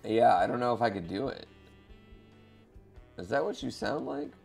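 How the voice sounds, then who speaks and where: Gravelly-voiced man streaming a racing game. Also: mid-range voice, expressive, normal speed, darkish tone, faint music behind. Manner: loose, swearing, talks to chat. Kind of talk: casual live-stream chat while racing.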